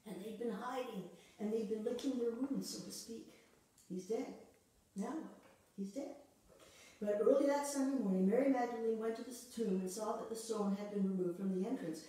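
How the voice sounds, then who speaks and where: A woman pastor preaching a sermon, expressive, acting out quoted voices and repeating words as she speaks. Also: on the high side, brisk, few pauses. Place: church sanctuary. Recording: echoey church hall from far off.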